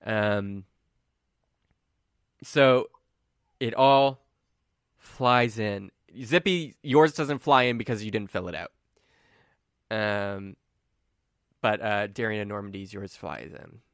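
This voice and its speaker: A man runs a tabletop game, his voice low and smooth. The sound is dry and close, and he narrates in a loose, easygoing way, full of ums and uhs. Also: slow, long pauses, no echo. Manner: relaxed storytelling with many fillers. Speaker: game master.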